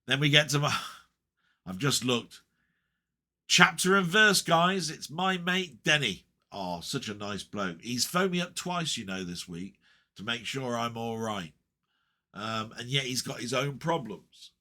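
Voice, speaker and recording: A man's voice: mid-range voice, expressive, unhurried, bright, forceful tone. A middle-aged man talking casually and rambling to camera about his week, heartfelt, with many fillers and restarts. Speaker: vlogger.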